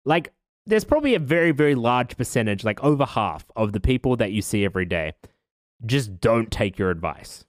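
A man's voice: medium pitch, animated, brisk, no room sound, clean studio sound. A man co-hosting a podcast, musing thoughtfully in casual chat. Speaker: podcast co-host.

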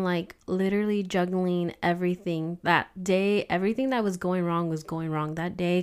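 A woman co-hosting a podcast, telling a story in casual chat, animated and full of "like". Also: on the low side, clear, resonant tone. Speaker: podcast co-host, hair stylist.

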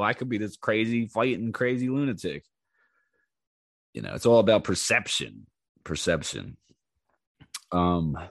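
A man hosting his own podcast, telling wild stories in a casual, animated way. He acts out the people in them with raised voices, swears freely and laughs as he goes. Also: low-pitched, dry recording, clean studio sound. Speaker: podcast host. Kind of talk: casual storytelling monologue.

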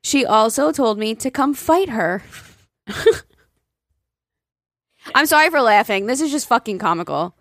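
A woman's voice: fairly high pitch, expressive, measured pace, pauses often, fairly bright tone, dry recording, studio quality. A young woman co-hosting a chat show, reading a listener's email and reacting bluntly, laughing easily and swearing. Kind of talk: casual chat and reading aloud.

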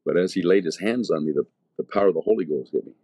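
A man's voice: low-pitched, racing, mellow, slightly rough, dry recording. A man, an evangelist, telling his conversion testimony in casual, slangy talk full of fillers and restarts.

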